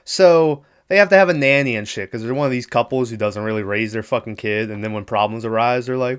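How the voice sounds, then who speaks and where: A man's voice: mid-range voice, quick pace, hardly any pauses, a bit bright, clear, resonant tone. A man hosting a podcast, casually recapping a movie on his own, swearing freely and laughing often. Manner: loose, profane, laughs often, lots of fillers. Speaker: podcast host.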